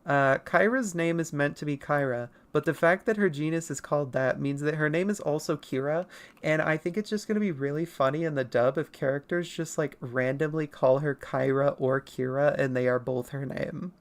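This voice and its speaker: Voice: mid-range voice, moderate pace. Playful, giggly artist streamer. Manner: playful, laughs often, swears casually; rambling, self-correcting asides. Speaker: artist streamer answering chat. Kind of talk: casual livestream chat while drawing.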